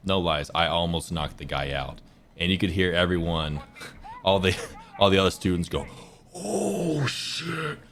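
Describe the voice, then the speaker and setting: Deep-voiced laid-back streamer man. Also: steady tone, normal speed, fairly bright tone, slight background noise. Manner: rambling, self-correcting storyteller. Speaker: gaming streamer. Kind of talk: casual gameplay commentary.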